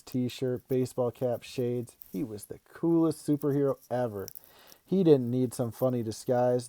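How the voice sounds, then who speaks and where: Mellow man reading a children's story. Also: medium pitch, dry recording. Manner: even, expressive storytelling. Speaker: read-aloud host. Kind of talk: reading a children's novel aloud.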